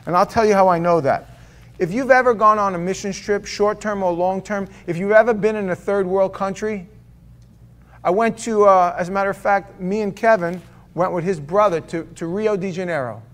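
A man preaching in church, his voice sitting a little higher than most men's. He tells his sermon as a loose, conversational story and keeps asking the room rhetorical questions. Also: normal speed, a bit bright. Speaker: pastor.

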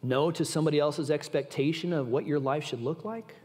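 Male preacher, slightly high voice, earnest and informal, church hall with long reverb. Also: brisk, a little mellow. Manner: earnest, informal, addresses the audience directly. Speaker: guest preacher. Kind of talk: conversational sermon. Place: large church auditorium.

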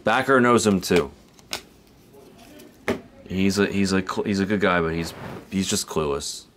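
A card break host with a deep voice speaks at a measured pace against a noisy background. He chats casually on a live stream while opening cards, rambling in a laid-back way, chuckling between remarks and reading card names aloud.

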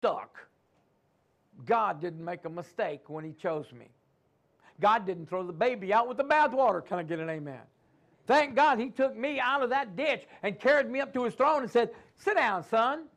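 A man's voice: high-pitched, expressive, moderate pace, a bit bright. A man preaching a sermon in a church, calling out to his congregation and acting out the inner voices of doubt. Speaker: pastor.

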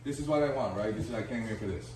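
Guy mocking someone in a car, talks quick, very echoey and far from the mic. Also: lowish voice. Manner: mocking, dismissive. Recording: echoey, distant, with car noise.

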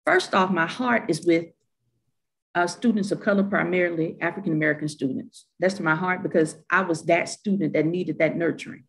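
Animated woman with a Southern accent. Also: on the low side, a little fast. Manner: animated, emphatic, often asks "right?". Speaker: panelist. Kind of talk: candid panel discussion.

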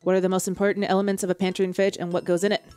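A woman's voice: mid-range voice, little pitch movement, rapid-fire, mellow, soft background music, lightly acted. A woman voicing a pompous male chef lecturing fellow restaurateurs. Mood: grandiose.

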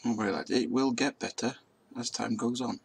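Sitting at a table indoors, a drone pilot vlogger flies a simulator and chats casually over it. His mid-range voice is husky with vocal fry and moves at a moderate pace, and he pokes fun at himself and swears now and then.

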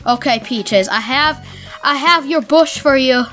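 High-voiced, excitable woman gamer. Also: measured pace. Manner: excitable, talks to game characters. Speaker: let's play host. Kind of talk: casual gameplay commentary. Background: faint game music.

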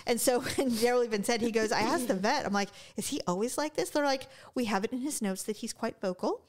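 A woman's voice: on the high side, quick pace. A middle-aged woman co-hosting a podcast, telling a story in casual chat and acting out both sides of a conversation. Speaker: podcast co-host.

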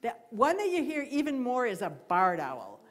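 A woman giving a live talk about birds of prey to a library audience, lively and playful, speaking into a handheld mic. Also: a little high, moderate pace. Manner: lively, imitates owl hoots. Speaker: wildlife educator. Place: library program room.

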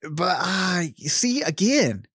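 A man's voice: high-pitched, big pitch swings, slow pace, a bit bright, breathy edge, no room sound, clean studio sound. A man co-hosting a podcast in casual chat, talking loosely, swearing a lot and laughing often. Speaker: podcast co-host.

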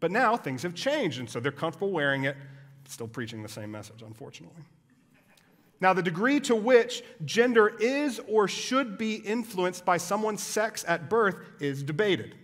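A fairly high-voiced man gives a sermon, explaining points in an easy, conversational way and dropping in casual asides. His voice carries a long reverb from a church hall. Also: very animated, normal speed, a bit bright. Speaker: pastor.

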